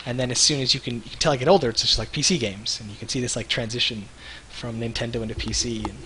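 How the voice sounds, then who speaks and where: A man in his thirties, co-hosting a livestream, telling rambling animated stories with lots of restarts. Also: medium pitch, quick pace, slight background noise, poor audio. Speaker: web show co-host. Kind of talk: casual livestream chat.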